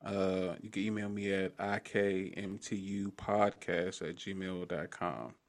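A man's voice: low-pitched, steady tone, slow pace. A man with a Maryland accent, a podcast host being interviewed, giving an easygoing plug for his show. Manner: easygoing, self-promoting plug. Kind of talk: casual interview talk.

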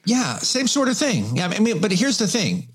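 American guy guesting on a podcast, deadpan self-mocking jokes, voice swings up and down a lot. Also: high-pitched, moderate pace, slightly rough. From England. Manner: dry, self-mocking humor. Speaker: radio host guest. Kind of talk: casual podcast chat.

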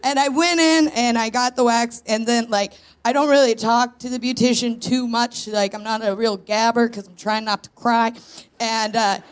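A woman's voice: on the high side, steady tone, moderate pace, clean tone. A woman in her thirties doing a frank, self-mocking stand-up comedy set on a live stage. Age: 30s. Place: live stage in a tent before an audience.

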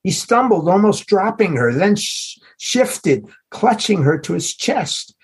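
A man, the author, reading aloud from his novel in a measured, unhurried storytelling manner. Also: sits high, big pitch swings, breathy edge. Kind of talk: literary reading.

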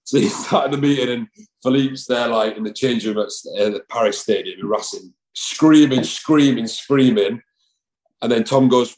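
A man's voice: medium pitch, moderate pace, a little mellow, poor audio. A man, a rugby player chatting casually in an interview, rambling with lots of fillers and restarts. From England.

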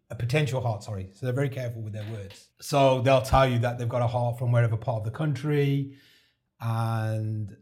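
The speaker is a man with a slightly mellow, mid-range voice who had a heart transplant and now guests on a podcast. Telling his story in relaxed interview fashion, he's chatty and brings events back to life by acting out what people said to him.

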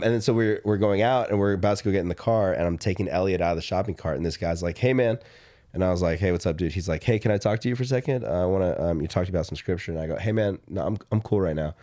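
A man co-hosting a podcast, telling a story in casual chat, animated, acting out dialogue with lots of fillers. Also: low-pitched, dry recording, studio quality. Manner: animated, acts out quoted dialogue, frequent fillers. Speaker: podcast co-host.

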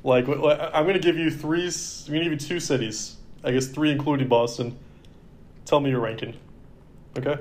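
A man's voice: on the high side, steady tone, brisk, darkish tone. A man co-hosting a podcast in casual chat, talking in a rambling, laid-back way. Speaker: podcast co-host.

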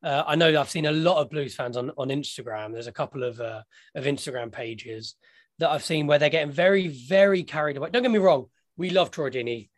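Guy on a fan podcast, rambly and jokey, a bit high, dry close mic. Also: brisk, no echo. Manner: rambling, jokey, many restarts. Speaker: podcast co-host. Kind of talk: casual fan podcast chat.

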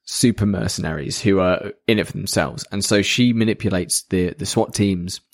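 Eager low-voiced man chiming in. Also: normal speed, no echo. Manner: eager, chiming in with agreement and plot details. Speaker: podcast co-host. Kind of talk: casual chat recapping an anime.

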